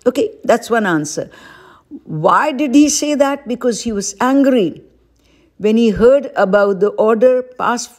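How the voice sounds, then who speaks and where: A woman teaching an exam-prep lesson at an unhurried, deliberate pace. Her voice sits a little high yet sounds soft and mellow. She patiently repeats each question aloud as she works through it. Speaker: English teacher.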